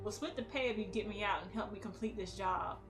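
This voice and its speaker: A woman's voice: mid-range voice, fast talker, over music, close to an everyday voice. A woman voicing a man trapped in a pipe who urgently pleads for help, reading game dialogue aloud. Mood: pleading.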